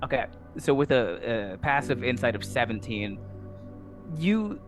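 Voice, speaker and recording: A man narrating a tabletop game as dungeon master, in a playful, animated way. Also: medium pitch, unhurried. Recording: music underneath.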